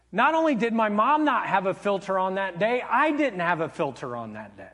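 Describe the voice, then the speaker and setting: A middle-aged man, a pastor, telling a personal story in a sermon, conversational and animated with wry humor. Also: sits high.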